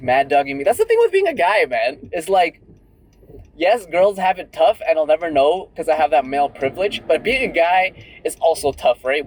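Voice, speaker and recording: A man's voice: mid-range voice, poor audio. A young man talking candidly in a casual vlog while driving, full of "like" and "right?". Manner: chatty and candid, many fillers like "like" and "right?". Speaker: vlogger.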